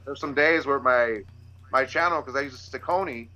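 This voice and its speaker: A man who is a guest on a podcast, explaining his work in casual chat with halting fillers. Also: mid-range voice, sharp tone, lo-fi sound.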